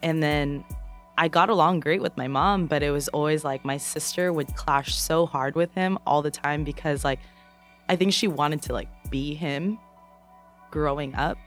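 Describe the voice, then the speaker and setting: Reflective woman guest, rambling softly. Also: deep voice, normal speed, soft background music. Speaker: podcast guest. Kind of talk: casual podcast chat.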